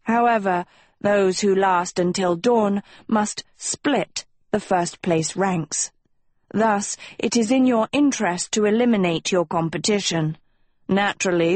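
A woman's voice: medium pitch, a little mellow, no room sound, lightly acted. A woman voicing a pompous talking dog who reads out school rules in a formal, lecturing way. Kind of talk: audiobook character voice.

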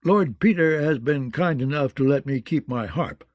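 A man's voice: medium pitch, expressive, normal speed, dry recording, natural voice. A man voicing a blind, disgraced male singer who pleads in a cracked, whispery voice. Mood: wistful. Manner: begging, lovesick confession.

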